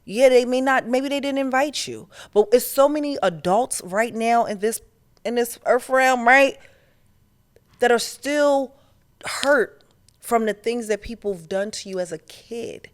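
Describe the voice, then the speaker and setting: Candid, animated woman host. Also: a little high, a little slow. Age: adult, past her teens. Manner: candid, animated storytelling with slang and profanity. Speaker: podcast host. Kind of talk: casual spiritual monologue.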